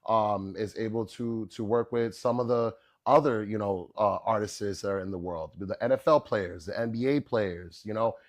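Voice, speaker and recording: A man, a chef guest on a podcast, telling stories in a casual, animated way, with many fillers like "you know what I'm saying". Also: fairly low pitch, normal speed, hardly any pauses. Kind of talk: casual storytelling.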